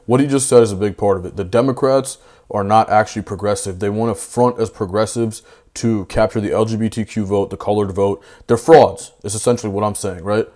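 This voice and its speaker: A young man in a heated casual debate, brash and profane, full of slang, swinging between loud outbursts and fast asides. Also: on the low side, steady tone. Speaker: debate panelist.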